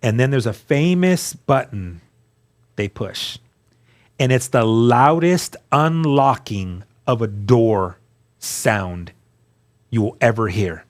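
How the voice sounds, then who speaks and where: A man's voice: medium pitch, slow. Man telling an earnest testimony. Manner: earnest, animated storytelling with quoted dialogue. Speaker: guest. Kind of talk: storytelling testimony.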